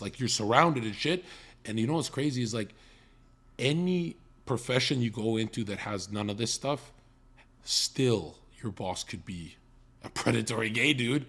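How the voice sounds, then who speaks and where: Husky young man ranting on stream. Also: mid-range voice, fairly bright tone. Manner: profane, fast storytelling with mocking quoted voices. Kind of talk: casual stream chat.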